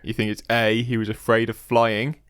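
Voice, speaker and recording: A man's voice: mid-range voice, level tone, moderate pace, fairly bright tone, clear, resonant tone, no echo, clean studio sound. A young man hosting a casual podcast quiz, chatty and teasing, laughing often as he reads the questions out. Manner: chatty, giggly, teasing quizmaster. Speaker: podcast co-host running a quiz.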